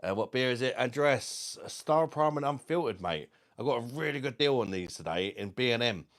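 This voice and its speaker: A man's voice: mid-range voice, lively intonation, moderate pace, fairly bright tone. A man hosting a casual livestream beer review, chatty and jokey as he greets viewers by name.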